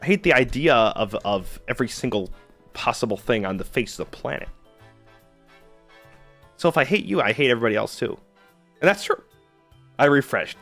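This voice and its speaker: A man's voice: mid-range voice, lively intonation, moderate pace, pauses often, a bit bright, soft background music. A man streaming live, chatting casually with viewers in a sarcastic, argumentative way.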